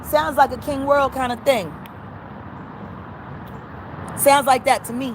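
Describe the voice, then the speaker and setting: A woman with a high voice rants into her phone camera while standing outdoors at a service window. Her complaints are agitated and full of profanity, and faint traffic can be heard behind her. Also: fairly even intonation, slow. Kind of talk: ranting self-filmed phone video.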